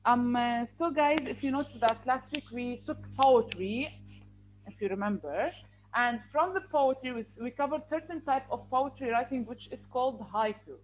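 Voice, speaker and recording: Woman teacher on a video call lesson, high voice, slow patient explaining, repeats stuff, faint hiss behind. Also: rough recording. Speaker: English teacher. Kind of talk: online classroom lesson.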